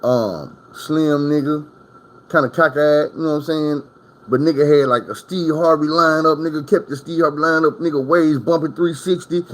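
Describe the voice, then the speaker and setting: A man's voice: fairly high pitch, normal speed. A man from Arkansas, telling prison stories in a casual storytime monologue. His talk is profane and rambling, full of asides to the listener.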